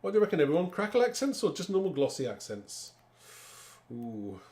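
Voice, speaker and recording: A man's voice: fairly high pitch, very animated, brisk, a little mellow. A man hosting a live card-making demonstration, chatting to viewers as he works. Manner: chatty, talks to viewers while working. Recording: echoey room with faint background noise.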